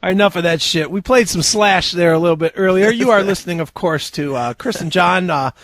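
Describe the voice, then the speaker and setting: High bright-voiced joking radio host. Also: male voice, fairly quick, dry recording. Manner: joking, profane, laughs often. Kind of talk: crude casual radio banter.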